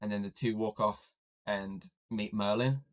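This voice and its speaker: Low-voiced man recapping a film. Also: steady tone, measured pace. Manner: swears freely, plot-recapping, jokey. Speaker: podcast co-host. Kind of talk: casual movie recap chat.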